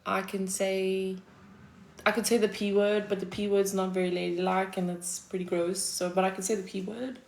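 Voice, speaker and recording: A woman's voice: medium pitch, little pitch movement, moderate pace, creaky, darkish tone. A South African woman chatting casually on a livestream, answering her chat with a laid-back manner, frequent laughs and casual swearing.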